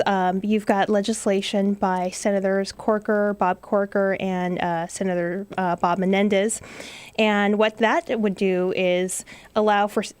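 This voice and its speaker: A woman reporter guesting on a radio talk show, explaining carefully with many pauses and fillers. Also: mid-range voice, no echo. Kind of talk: radio interview.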